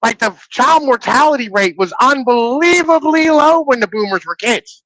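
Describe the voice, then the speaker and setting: Brief: profane, animated man, high voice, dry close sound. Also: normal speed, no echo, poor audio. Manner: animated, profane, repeats "you know what I'm saying". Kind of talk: casual profane chat.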